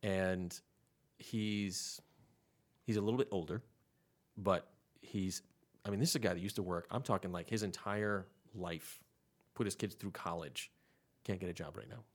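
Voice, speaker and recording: A man with a fairly low voice talks as a podcast guest in a studio. He speaks casually and often drops into a quiet, wry tone. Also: steady tone, normal speed, long pauses. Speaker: podcast guest, actor and comedian.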